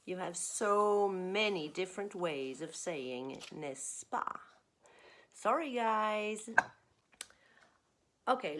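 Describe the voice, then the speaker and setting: A woman teaching an online English grammar lesson, expressive and playing with intonation, often checking in with "okay?". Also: on the low side.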